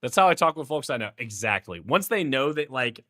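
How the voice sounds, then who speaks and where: A man's voice: mid-range voice, very animated, fairly quick, pushed and bright. A playful, goofy young man with a Houston accent, chatting casually with his stream viewers in heavy slang and laughing often.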